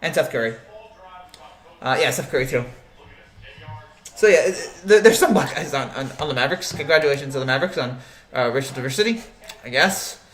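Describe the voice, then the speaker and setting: Male sports-stream host, lively pitch, rambling banter, echoey room. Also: a little fast, long pauses. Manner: rambling, joking, many restarts and fillers. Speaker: sports show host reading live chat. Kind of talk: casual live-stream chat.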